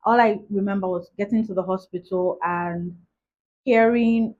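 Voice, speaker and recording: A young woman recounts her story straight to camera, chatty and loose, leaning on "like" between thoughts. Her voice is husky and sits at a middling pitch. The recording is dull and lo-fi. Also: steady tone, moderate pace, darkish tone. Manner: chatty, retells events with many "like" asides. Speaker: vlogger.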